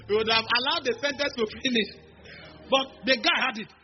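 A man preaching a sermon, emphatic, slowing down to stress key phrases and dropping humorous asides. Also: very high-pitched, background noise. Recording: dull lo-fi recording with faint music behind.

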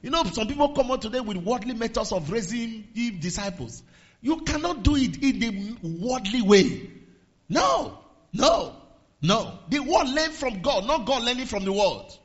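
A man preaching a sermon, swinging from low murmurs to raised exhortations and quoting scripture in old-fashioned phrasing. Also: big pitch swings, a little slow, muffled recording. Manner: quotes scripture in King James phrasing.

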